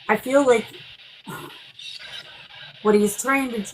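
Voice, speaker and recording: A woman hosting a live stream as a psychic medium, speaking gently and soothingly and calling her guests darling. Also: on the high side, steady tone, takes it slowly, slight background noise, poor audio. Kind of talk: live-stream spirit reading.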